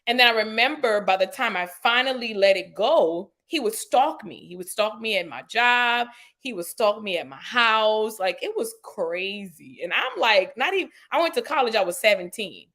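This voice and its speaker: A woman's voice: normal speed, few pauses. Lady on a podcast telling her story, chatty, lots of fillers, voice shoots way up on quotes. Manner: animated retelling, acts out quotes with sharp pitch jumps; frequent "you know" and "like" fillers. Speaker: podcast guest.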